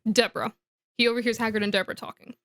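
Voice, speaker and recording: A woman's voice: a little high, steady tone, racing, fairly bright tone. A woman co-hosting a podcast, giving a casual comedic recap in a giggly, rambling way. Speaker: podcast co-host.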